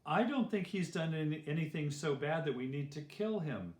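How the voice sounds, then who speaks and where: A man's voice: on the high side, animated, normal speed, darkish tone, lightly acted. A man voicing an anxious, powerful Roman governor in a children's story, asking questions uneasily. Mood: questioning. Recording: roomy echo.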